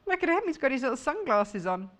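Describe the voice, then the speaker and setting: A woman's voice: sits high, sing-song, fast, a bit bright. A woman presenting fabrics on a live shopping channel, chatty and jokey, laughing often.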